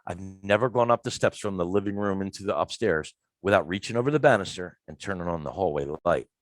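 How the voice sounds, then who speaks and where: A man, a podcast guest telling a story in a lively, emphatic way and acting out the lines of the people in it. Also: low voice, quick pace, dry recording. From Philadelphia, USA. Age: 50s. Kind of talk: casual storytelling.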